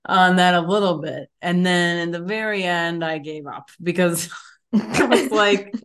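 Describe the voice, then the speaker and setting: A woman with a notably low voice co-hosts a casual podcast chat. She talks in a chatty, reflective way, thinking aloud as she goes. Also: a little slow, a bit bright, clear, resonant tone. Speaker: podcast co-host.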